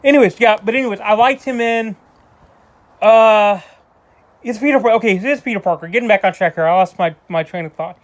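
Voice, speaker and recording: A man's voice: sits high, a little fast. A man giving a casual spoken film review, rambling with frequent restarts and loose asides. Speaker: movie reviewer.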